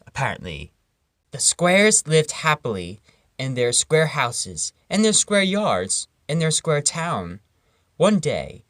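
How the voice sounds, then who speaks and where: Poetry reader, animated pitch, slow pace, playful delivery. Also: dry recording, studio quality. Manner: animated, playful reading with sudden loud and whispered turns. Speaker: channel host reading poems. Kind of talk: reading comic poems aloud.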